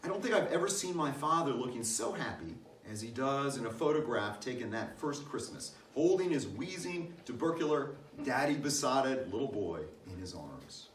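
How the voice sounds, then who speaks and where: A man's voice: medium pitch, very animated, normal speed, few pauses, a little hiss or hum. An older man reading a personal essay aloud at a church Christmas program, in a reflective storytelling manner. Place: church meeting house. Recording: echoey hall, mic some distance off.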